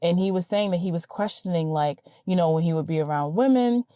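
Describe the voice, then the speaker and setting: A woman hosting a podcast, telling a personal story in a chatty, animated way with lots of fillers and quick "right?" checks. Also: fairly low pitch, smooth, no echo, clean studio sound. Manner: animated, chatty, many fillers and tag questions. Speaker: podcast host. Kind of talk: casual storytelling.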